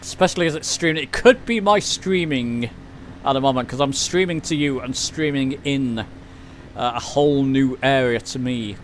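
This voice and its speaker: At a moderate pace and medium pitch, an English flight sim streamer comments live and casually while flying, answering chat in a chatty, self-deprecating way. He's from England, and a little hiss or hum runs through the audio.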